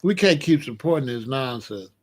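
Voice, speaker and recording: A man in his sixties giving a rambling comedic monologue as host, telling stories with animated disbelief and laughter. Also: medium pitch, normal speed. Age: 60s. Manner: animated, incredulous storytelling with laughs.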